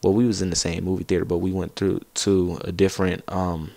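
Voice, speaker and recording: A teenage boy doing casual gaming commentary, rambling through a story and getting loud and excited as he laughs at it. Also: low voice, fairly quick, vocal fry, no room sound. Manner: rambling, gets loud and excited while laughing at his own stories. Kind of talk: casual storytelling over gameplay.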